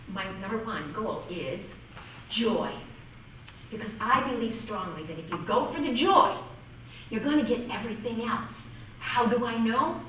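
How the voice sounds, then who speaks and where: A woman from northwest Ohio, a music teacher giving a lively storytelling workshop talk to fellow teachers. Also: medium pitch, a little hiss or hum. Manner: lively, storytelling, quotes voices. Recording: echoey room from far off.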